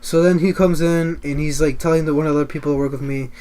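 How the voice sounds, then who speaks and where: A man's voice: fairly high pitch, fairly even intonation, fast, darkish tone, slight background noise. A man telling a work story in casual podcast chat, blunt, swearing a lot and mocking customers. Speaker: podcast co-host.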